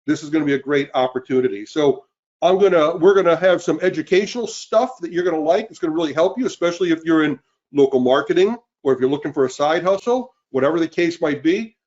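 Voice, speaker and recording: Upbeat fifties male webinar host, high voice, dull lo-fi audio. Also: fast, a little mellow. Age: 50s. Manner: upbeat, greets listeners by name. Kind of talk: live webinar sales pitch. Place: cold indoor room.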